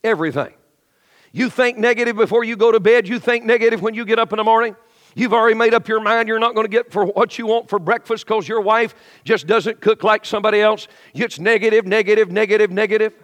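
A middle-aged male pastor preaching a lively sermon in a church, acting out the voices of complainers and shifting to quiet storytelling. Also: high voice. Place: church sanctuary. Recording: long hall reverb.

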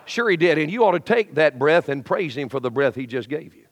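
High-pitched preacher in a reverberant hall. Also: male voice, fairly quick. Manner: animated preaching, acts out voices of complainers, drops to quiet intimate storytelling. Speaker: pastor. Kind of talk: sermon. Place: church sanctuary.

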